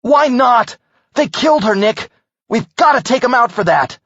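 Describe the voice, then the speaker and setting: Hot-headed young man, voiced by a male narrator, shouting, husky, lively pitch. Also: moderate pace, no echo, highs cut off, exaggerated voice. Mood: furious. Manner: shouting, emotional.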